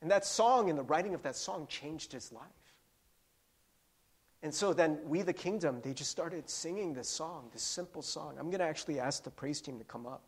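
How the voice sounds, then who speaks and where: A man's voice: on the high side, expressive, normal speed, breathy edge. A man preaching a sermon in a church, earnest and conversational, with many restarts and fillers. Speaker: pastor. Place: church sanctuary.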